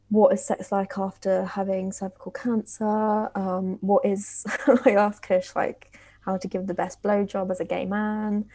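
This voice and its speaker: A woman's voice: medium pitch, dark tone. A woman guest on a podcast, talking casually with many fillers and easy laughs. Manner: laughs easily, hesitant fillers. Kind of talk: casual interview talk.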